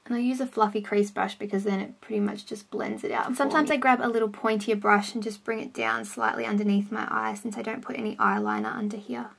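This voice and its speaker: A woman's voice: mid-range voice, steady tone, fast talker, vocal fry, few pauses, slightly rough. A young woman chatting casually through a makeup tutorial vlog at home, rambling and correcting herself as she goes. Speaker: vlogger. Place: home, indoors. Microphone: camera on a stand close by.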